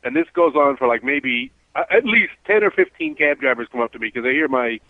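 A man's voice: medium pitch, lively intonation, brisk, no echo. A man co-hosting a casual radio talk show, a cab driver telling rambling, self-mocking stories. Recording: tinny phone-line sound.

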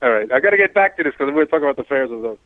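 Ny cabbie guy on a talk show, rambling animated story, tinny phone-line sound, dead dry. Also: mid-range voice, racing, no room sound. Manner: rambling, animated storyteller, acts out quoted voices. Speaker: cab driver and show regular.

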